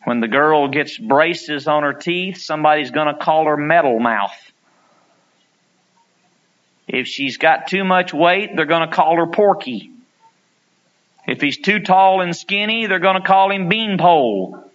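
A man preaching a sermon, telling stories and acting out quotes, climbing to loud pleading peaks. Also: a little high, lively intonation, unhurried, pauses often, lo-fi sound.

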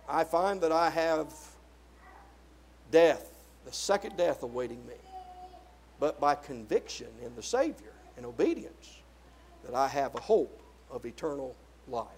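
Male preacher, high voice, swells to loud emphatic peaks and drops low, stretches key words. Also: very animated, slight background noise. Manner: drawn-out stresses on single words. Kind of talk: sermon.

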